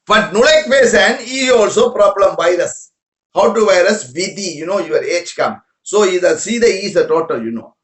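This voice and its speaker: In a roomy, echoing space, a high-pitched man speaks expressively at normal speed, giving followers an informal spiritual talk. This spiritual teacher uses broken English, repeats words, and poses questions to his listeners.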